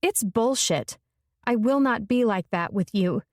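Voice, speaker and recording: A woman's voice: fairly high pitch, expressive, measured pace, no room sound, studio quality. A woman narrator voicing a blunt, fiery young woman, speaking emphatically and forthrightly.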